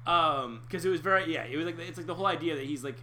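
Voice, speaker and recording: A man's voice: a little high, racing, slight background noise. A young man co-hosting a casual podcast, ranting with lots of fillers and swearing. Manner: animated, profane, many fillers. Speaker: podcast co-host. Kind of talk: casual chat.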